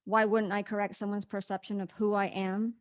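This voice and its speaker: A woman hosting an online rally, effusive and halting, restarting her sentences as she reacts. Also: mid-range voice, little pitch movement, no echo. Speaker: rally host. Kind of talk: casual online event hosting.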